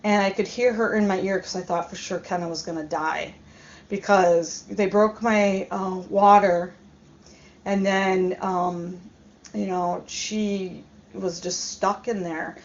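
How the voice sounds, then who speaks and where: Gravelly, halting woman telling a story. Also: medium pitch, steady tone. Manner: hesitant, halting, many ums. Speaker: storyteller vlogger. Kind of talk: casual personal storytelling. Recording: dull lo-fi recording.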